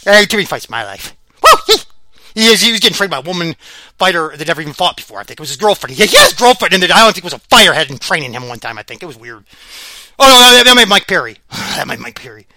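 A man hosting a sports podcast, chatting in a rambling, excitable way and laughing often. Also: high voice, very fast, no echo. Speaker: podcast host. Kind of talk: casual rambling sports chat.

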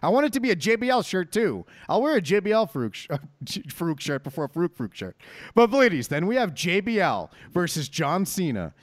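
A man's voice: high-pitched, big pitch swings, fairly quick, no room sound. A man hosting a podcast in casual chat, riffing with a profane, mock-hyped manner. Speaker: podcast host.

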